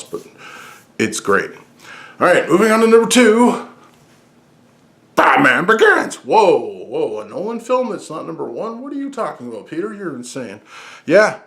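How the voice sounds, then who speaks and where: A man hosting a casual movie podcast, talking excitedly and rambling with frequent restarts as he counts down his favorite films. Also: medium pitch. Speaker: podcast host. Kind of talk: casual movie-list talk.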